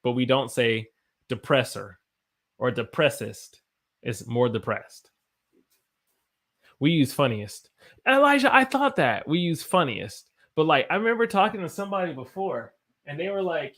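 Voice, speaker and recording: An American man teaching English live, talking in an animated, exclamatory way. His voice sits a little high and swings widely in pitch as he reacts to chat comments. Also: measured pace. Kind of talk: live-stream lesson, reading chat.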